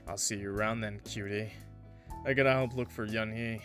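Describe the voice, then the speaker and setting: A man's voice: on the low side, steady tone, fairly quick, a bit bright, soft background music, lightly acted. A man doing a flirty French-Canadian charmer. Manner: smooth, teasing, flirtatious.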